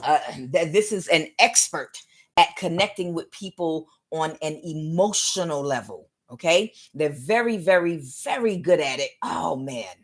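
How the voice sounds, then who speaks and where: This tarot reader has a low voice with lively intonation and talks a little slowly. She speaks straight to her viewers during a live reading, rambling and repetitive, with many restarts.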